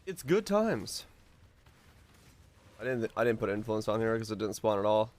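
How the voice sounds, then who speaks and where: A man's voice: lowish voice, quick pace. A man streaming a game, chatting casually and humming to himself, his voice a little off today. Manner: relaxed, hums to himself, chuckles. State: voice a bit off today. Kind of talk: casual gameplay commentary.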